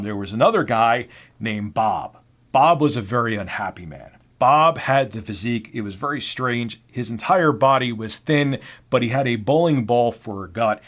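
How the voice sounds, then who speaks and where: A man in his forties telling a personal story in a blunt, sarcastic way, with casual swearing. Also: mid-range voice. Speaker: YouTube host.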